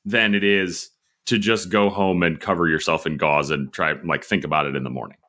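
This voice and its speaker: An American man with a low voice co-hosts a casual podcast and riffs with sarcastic, wry commentary. He talks to the listeners directly. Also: steady tone, brisk, pushed and bright. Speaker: podcast co-host. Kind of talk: casual comedic chat.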